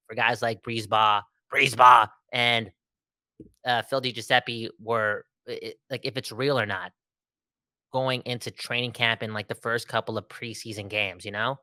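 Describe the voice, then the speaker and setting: A man co-hosting a casual sports podcast, jumping around in pitch and cracking jokes. His voice is bright and a bit pressed. The sound is close and dry, with no room around it. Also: dry recording. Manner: animated, joking, with many fillers and restarts. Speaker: podcast co-host.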